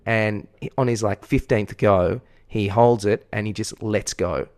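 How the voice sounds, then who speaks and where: Low-voiced Australian man telling a rambling story. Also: steady tone, unhurried, a little mellow. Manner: rambling, self-mocking, swears freely. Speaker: podcast co-host and part-time teacher. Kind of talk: casual storytelling chat.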